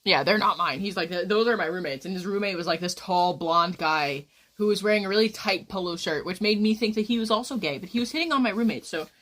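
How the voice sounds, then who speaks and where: A woman's voice: mid-range voice, quick pace, few pauses, a bit bright. A woman in her twenties, a streamer rambling through crude stories in casual chat. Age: 20s.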